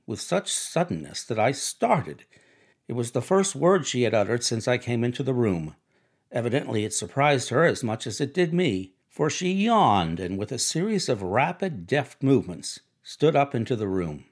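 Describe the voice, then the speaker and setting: A man narrates a classic novel in a measured, expressive audiobook reading. His pitch rises and falls in a lively way, and his voice has a gravelly edge.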